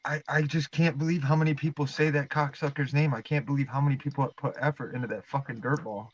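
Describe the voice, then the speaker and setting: A man telling rambling, profane stories in casual livestream chat, halting over his words. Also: mid-range voice, fairly even intonation, no echo. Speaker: livestream guest. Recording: dull lo-fi sound.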